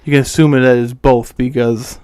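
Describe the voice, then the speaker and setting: A man chatting casually as a podcast co-host, walking through a film's plot and slipping into quick quoted lines from the scenes. His voice is smooth and clear, and the sound is dry and close. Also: medium pitch, fairly even intonation, darkish tone, dry recording. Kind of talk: casual movie recap chat.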